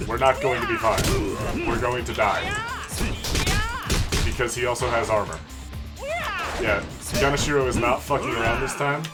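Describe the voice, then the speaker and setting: A man giving casual, joking commentary as he plays a video game, swearing freely. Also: mid-range voice. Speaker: streamer. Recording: game music behind voice. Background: game music.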